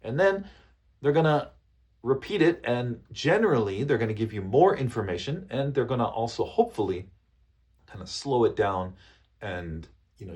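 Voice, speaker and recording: A man coaching business English, explaining phrases patiently and repeating each example slowly with frequent checks like "okay?". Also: fairly low pitch, darkish tone. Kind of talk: business English lesson to camera.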